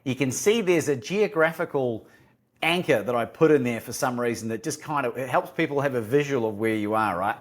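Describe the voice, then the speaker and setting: An Australian man, a podcast guest and courage coach, telling lively stories in an interview and acting out the phone calls he recounts. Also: medium pitch, brisk. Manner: animated storyteller, acts out phone calls. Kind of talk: storytelling interview talk.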